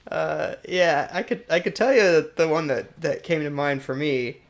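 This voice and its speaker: A man co-hosting a casual podcast game, playful and quick to laugh between jokey picks. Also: a little high, gravelly. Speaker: podcast co-host.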